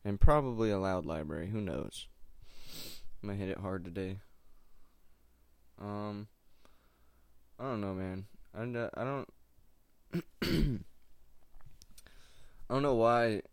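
Laid-back young man, low voice. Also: takes it slowly, vocal fry, pauses often, smooth, no room sound. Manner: laid-back, meandering, slangy. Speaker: stand-up comic doing open mics. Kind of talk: casual rambling monologue.

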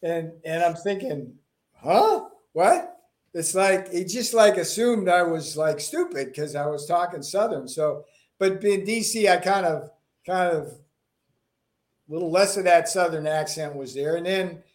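A man from Florida with a slight Boston accent, a guest telling animated stories with many restarts and repeated words. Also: high voice, normal speed. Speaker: political guest. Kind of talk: interview conversation.

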